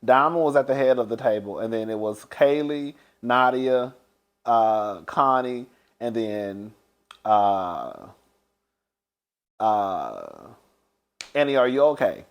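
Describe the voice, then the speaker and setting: A man's voice: medium pitch, animated, slow, long pauses. A man chatting casually as a show reviewer, dishing gossip, calling listeners "girl" and often breaking into laughter. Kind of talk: casual gossipy recap chat.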